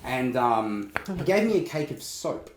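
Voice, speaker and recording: A man's voice: mid-range voice, big pitch swings, unhurried. Ask: a man in his twenties, telling a rambling story in an echoey room. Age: 20s. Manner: rambling, self-mocking, laughs a lot. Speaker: podcast co-host. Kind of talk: casual chat, storytelling. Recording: echoey room with background noise.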